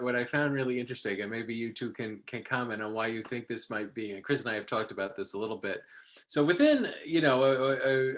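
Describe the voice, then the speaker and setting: A man chatting as a podcast guest, animated and laughing often. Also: medium pitch. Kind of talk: casual chat.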